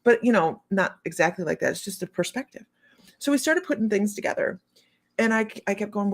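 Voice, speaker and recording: A middle-aged woman hosting a psychic livestream, telling a long story in a rambling, casual way with many restarts and quick hellos to viewers. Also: medium pitch, animated. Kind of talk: casual chat.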